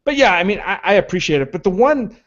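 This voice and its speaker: A man's voice: high voice, big pitch swings, fast. Man co-hosting a casual podcast, lo-fi. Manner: thoughtful, story-focused, many restarts. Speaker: podcast co-host. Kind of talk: casual movie review chat. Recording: dull lo-fi podcast audio.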